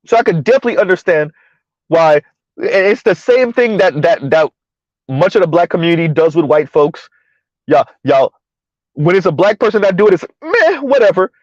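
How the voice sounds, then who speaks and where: A man's voice: high-pitched, darkish tone, dry recording, highs cut off. Sarcastic man hosting a dry live stream. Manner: mocking, sarcastic, talks to chat. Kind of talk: casual live-stream commentary.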